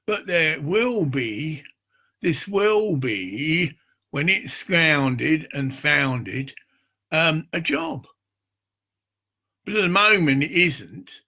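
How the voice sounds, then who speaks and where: Man, bright, slightly high voice, meandering, profane, casual charity pitch. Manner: meandering, profane, repeats "see" and "get it". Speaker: charity promoter. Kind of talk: rambling informal pitch to camera.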